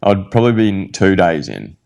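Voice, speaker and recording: An Australian man, a podcast guest, telling a candid story in a blunt, halting way and swearing freely. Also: deep voice, very animated, gravelly, darkish tone.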